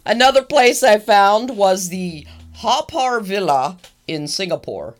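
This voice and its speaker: A woman co-hosting a casual chat, animated and laughing often as she teases her co-host. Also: mid-range voice, slow, soft background music. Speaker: podcast co-host.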